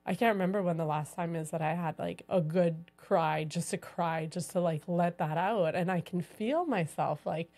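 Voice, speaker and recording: Woman podcast cohost, chatty and reflective, kinda low voice. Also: a little mellow. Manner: reflective, says "like" often. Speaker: podcast co-host. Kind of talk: casual conversation.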